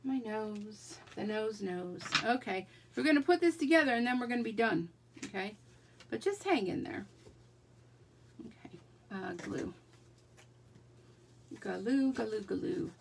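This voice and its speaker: A woman's voice: fairly high pitch, creaky, slightly rough. A woman chatting her way through a live card-making demonstration, talking to herself as she works. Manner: chatty, talks to herself while working.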